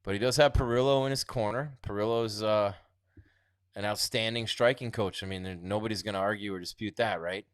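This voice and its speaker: A man's voice: fairly low pitch, steady tone, brisk, clean tone, no echo, studio quality. A man hosting a casual live stream, reading viewer comments and chatting about an upcoming fight. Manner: chatty, reads viewer comments aloud, trails off quietly. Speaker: livestream host reading chat.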